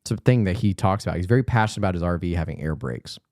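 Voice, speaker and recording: A man's voice: sits low, dry recording, clean studio sound. A man co-hosting a movie podcast, animatedly retelling scenes in casual chat. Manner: animated retelling, slips into quick voices. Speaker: podcast co-host reviewing a movie.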